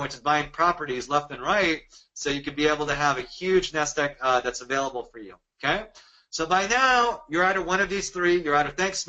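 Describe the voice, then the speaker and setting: A man from Dallas presenting a sales webinar, energetic and persuasive, firing off rhetorical questions. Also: a little high, muffled recording. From Dallas, Texas.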